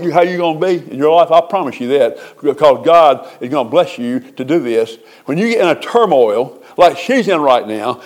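A male pastor preaching in a folksy, conversational way, moving between soft asides and slow, drawn-out emphasis. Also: a little high. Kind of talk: sermon.

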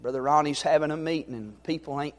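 A high-voiced, middle-aged man preaches with fervor. He swings from ringing exhortation down to soft, homey storytelling. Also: fast talker. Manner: fervent, swings from loud exhortation to quiet storytelling. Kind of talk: sermon.

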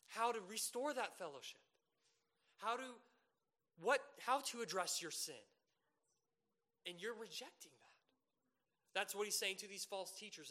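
A man preaching a sermon, earnest and emphatic, building to loud peaks and asking rhetorical questions. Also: high-pitched.

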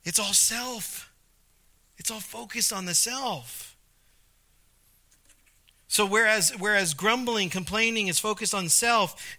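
A man's voice: high voice, pushed and bright. A man preaching a sermon as a pastor, conversational, often repeating words and acting out quotes in character.

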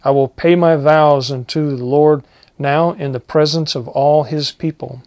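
A man preaching, reading psalms aloud in a slow, measured way and adding short comments. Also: fairly high pitch, fairly even intonation, a little mellow, dry recording. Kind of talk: Bible reading and sermon.

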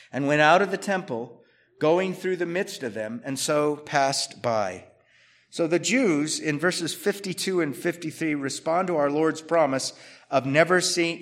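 A man preaching a sermon, reading scripture aloud and then explaining it in a conversational way, moving between loud emphatic lines and quiet asides. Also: fairly high pitch. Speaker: pastor.

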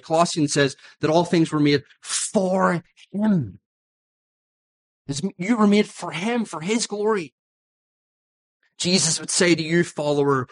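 A man preaching a church sermon, earnest and pleading, slowing down on key phrases and building to loud climaxes. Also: on the high side. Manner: impassioned, pleading, voice rising to climaxes. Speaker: pastor.

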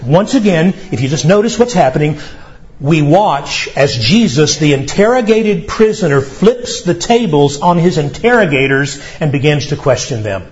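A male pastor delivering a sermon, preaching emphatically with dramatic pauses. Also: fairly high pitch, expressive, muffled recording.

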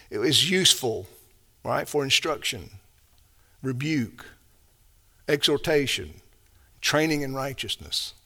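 A man preaching a sermon, emphatic and deliberate, rising to loud stresses and dropping to quiet asides. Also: a little high.

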